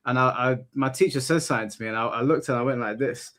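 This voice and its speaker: A man's voice: mid-range voice, fast talker. A young British man hosting a casual chat, telling stories and acting out quotes. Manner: lively storyteller, acts out quotes. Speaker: host.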